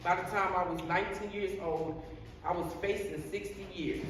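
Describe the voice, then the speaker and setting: A woman's voice: fairly low pitch, fairly even intonation, moderate pace. Middle-aged woman telling her life story, earnest and repetitive, heard from a distance in a reverberant hall. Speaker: guest sharing life story. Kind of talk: personal testimony. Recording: echoey hall, distant mic, faint noise.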